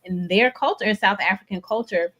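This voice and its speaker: A woman co-hosting a podcast, chatty and animated as she tells stories. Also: medium pitch, brisk. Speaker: podcast co-host. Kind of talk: casual conversation.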